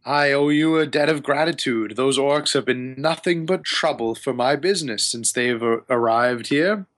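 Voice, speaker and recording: A man putting on a slow, pompous wizard. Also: medium pitch, fairly bright tone, natural voice. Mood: grateful, musing. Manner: slow, drawn-out phrases with musing hums. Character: pompous scheming male wizard, drawn-out speech. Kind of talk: tabletop role-play voice.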